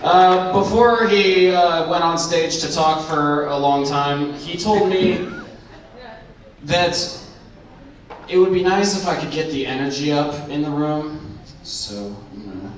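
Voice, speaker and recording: A man's voice: a little high, takes it slowly. A nineteen-year-old man from Arizona doing a rambling, self-mocking stand-up set in a comedy club, recorded by a far-off camera. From Arizona, USA. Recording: far-off echoey club with crowd and noise.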